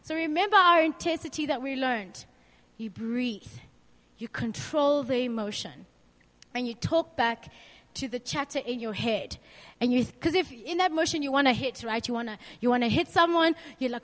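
A young woman speaking to a youth group as its leader, earnest and personal, asking the group lively questions. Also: high-pitched, normal speed. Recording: long hall reverb.

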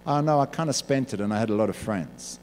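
A preacher doing a mumbling, sheepish broke lottery winner. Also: male voice, on the low side, animated, fast, a little mellow, voice pushed down, close to an everyday voice. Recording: echoey hall.

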